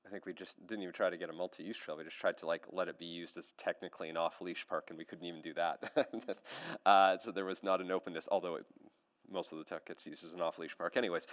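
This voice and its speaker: A man with a very low voice questions a speaker at a council hearing. He sounds friendly but halting, and he often restarts and repeats words as he gathers his thoughts. He is heard in a council chamber. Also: fairly bright tone. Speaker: city councillor.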